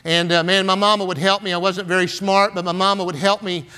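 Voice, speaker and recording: A man's voice: high voice, flat delivery, fairly quick, bright, forceful tone, clean tone. A man, preaching in a folksy, storytelling way full of "and, uh" and "man". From San Antonio, Texas. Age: 60s. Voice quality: folksy, filler-heavy with "and, uh" and "man". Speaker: pastor. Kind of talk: storytelling sermon.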